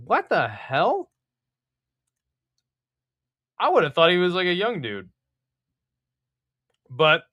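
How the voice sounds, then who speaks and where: A man's voice: on the high side, bright, forceful tone, clean tone, no room sound, studio quality. A young man giving a casual, blunt and profane breakdown of a fight card, sounding exasperated and mocking. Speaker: MMA fight card previewer.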